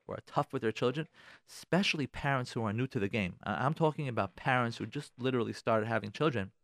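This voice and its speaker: A man's voice: fairly high pitch, fairly bright tone, no room sound, studio quality. A middle-aged man hosting a radio talk show, giving insistent advice and repeating his points straight to the listeners. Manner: insistent, repeats phrases, addresses listeners directly. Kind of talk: emphatic advice monologue.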